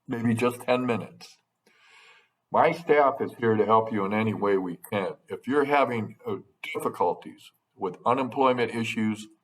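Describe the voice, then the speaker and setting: A middle-aged man with a somewhat low voice gives a prepared update to constituents. His delivery is measured and dry, with a hint of sarcasm now and then. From United States. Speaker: state legislator giving an update.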